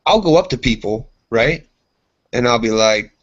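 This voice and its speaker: A man's voice: medium pitch, a little fast. A man co-hosting a casual podcast, telling rambling stories and acting out the other voices in them. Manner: animated, acts out voices in his stories. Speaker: podcast co-host. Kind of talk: casual chat, storytelling. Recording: dull lo-fi podcast audio.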